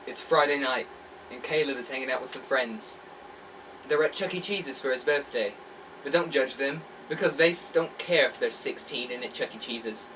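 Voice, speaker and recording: A man casually reading his own story aloud in a relaxed, offhand way. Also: medium pitch, normal speed. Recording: distant mic, faint air-conditioner hum. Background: faint air-conditioner hum.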